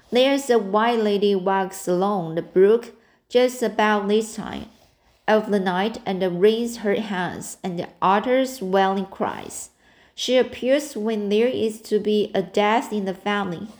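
A woman's voice: mid-range voice, darkish tone. A woman reading the part of a dreamy, talkative orphan girl in an audiobook, in an earnest, romantic and breathless manner. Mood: frightened.

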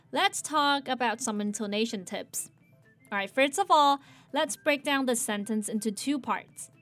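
A woman hosting a casual English lesson, playful and animated, modeling sentences slowly and repeating them. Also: on the high side. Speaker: English teacher.

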